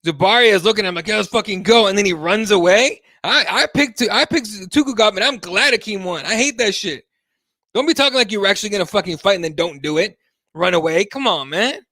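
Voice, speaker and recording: A man's voice: high-pitched, lively intonation, a little fast, bright, forceful tone, no room sound, studio quality. A man hosting a live MMA talk show, chatting casually and animatedly, swearing freely and reading viewer comments aloud. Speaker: host.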